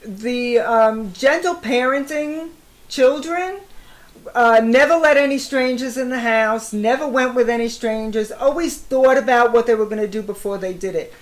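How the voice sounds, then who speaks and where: Woman in her sixties, co-host, casual chat, lively talker, slightly high voice. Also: moderate pace. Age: 60s. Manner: chatty, laughs often, acts out parents' phrases in a high sing-song voice.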